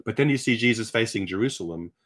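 A man in his sixties telling his conversion story in conversation, animated, acting out quotes as he talks. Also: on the low side, quick pace. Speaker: guest sharing his testimony. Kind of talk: conversational faith testimony.

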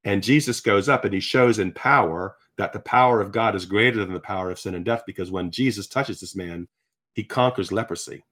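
A man in his sixties telling his conversion story in conversation, animated, acting out quotes as he talks. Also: fairly low pitch, fairly quick. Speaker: guest sharing his testimony. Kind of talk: conversational faith testimony.

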